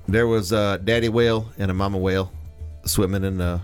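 A man's voice: fairly low pitch, steady tone, brisk, clean tone, soft background music. A man hosting a live radio show, chatting casually and rambling through jokes in a studio. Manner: joking, rambling storyteller.

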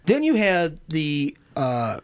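A man's voice: on the high side, huge pitch swings, slow. A man hosting a casual radio talk show, rambling and laughing often as he tells stories. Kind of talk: casual chat.

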